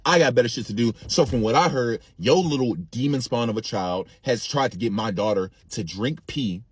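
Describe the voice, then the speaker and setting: A man voicing a brash middle-aged aunt, a former cop, who curses and shouts demands. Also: medium pitch, moderate pace, breathy edge, no room sound, close to an everyday voice. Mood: threatening.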